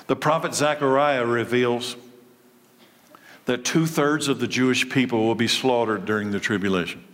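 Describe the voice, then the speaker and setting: A man preaching a sermon, his delivery lively and swinging between loud and soft. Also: medium pitch, normal speed. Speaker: pastor. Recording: long hall reverb.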